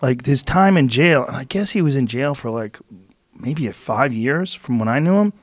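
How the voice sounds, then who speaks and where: A man hosting a podcast, chatting in a relaxed, conversational way and asking quick questions. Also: medium pitch, dry recording, clean studio sound. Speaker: podcast host. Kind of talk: casual conversation.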